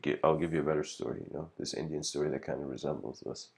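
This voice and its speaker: A man's voice: rumbling low, steady tone, quick pace, creaky, darkish tone. A man giving a casual lecture, telling a story in a rambling way with lots of filler words and frequent chuckles.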